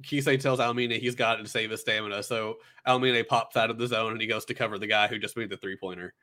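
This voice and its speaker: A man's voice: fairly low pitch, fairly even intonation, fast, bright, forceful tone. A man casually recapping an anime film in a chatty, rambling way, full of fillers. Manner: rambling, filler-heavy storytelling.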